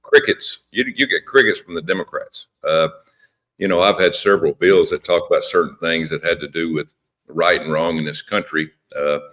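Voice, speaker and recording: Impassioned low-voiced male politician. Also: fairly even intonation, normal speed, a bit bright. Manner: impassioned, emphatic, repeats himself. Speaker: politician guest. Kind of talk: radio interview.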